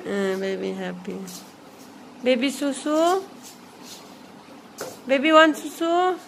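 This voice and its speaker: A woman's voice: high-pitched, big pitch swings, slow, vocal fry, noisy background. A woman, a mother, chatting with her toddler in simple, sing-song baby talk in a home vlog.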